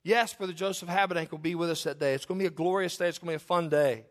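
Man, pastor, church sermon, fairly high voice, emphatic swells, hushed earnest asides. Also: racing. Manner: animated preaching, loud swells then hushed earnest asides. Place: church sanctuary.

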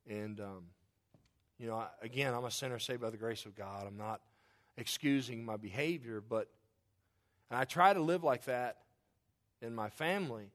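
A middle-aged man, a pastor, preaching a sermon in a conversational, joking way, moving between loud outbursts and quiet confession. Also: medium pitch, lively intonation, normal speed, pauses often.

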